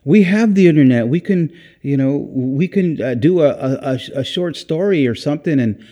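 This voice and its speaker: A man preaching in an informal, earnest way, his voice mellow and warm. He rambles and restarts his sentences, repeating words as he goes. Now and then he drops in a quiet "praise God.". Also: on the high side, animated, normal speed. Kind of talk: informal sermon.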